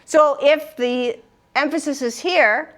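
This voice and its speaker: A woman leading a group word game class, upbeat and encouraging, slowing down to stress syllables. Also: high-pitched, fairly bright tone. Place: room with a live group.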